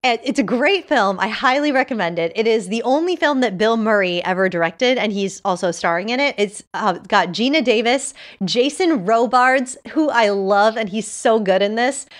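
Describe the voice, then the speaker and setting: A woman co-hosting a podcast, chatting casually about a TV show, animated and gushing, laughing often. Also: on the high side, moderate pace, hardly any pauses. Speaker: podcast co-host. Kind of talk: casual TV review chat.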